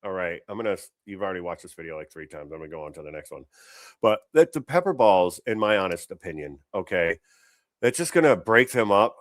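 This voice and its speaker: A man's voice: sits low, animated, fast, no room sound, studio quality. Blunt, foul-mouthed male commentary host. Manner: blunt, swearing, fired up. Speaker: show host reacting to clips. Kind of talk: profane commentary rant.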